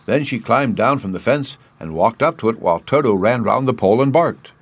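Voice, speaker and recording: A man narrating a classic children's book in an expressive storytelling manner. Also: medium pitch, brisk, breathy edge.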